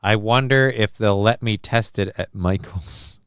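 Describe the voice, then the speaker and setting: A man hosting a live stream in a low, smooth and clear voice, reading out viewer messages in a deadpan ramble full of ums and uhs. The sound is close and dry with no room around it. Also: a little slow, no echo. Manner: rambling and deadpan with many fillers. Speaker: live-stream show host.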